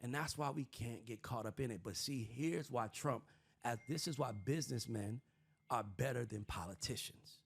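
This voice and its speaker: A man's voice: medium pitch, moderate pace, vocal fry, husky. A man hosting a casual panel chat, profane and streetwise, acting out other people's voices as he explains. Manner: animated, acts out voices of others while explaining. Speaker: podcast host.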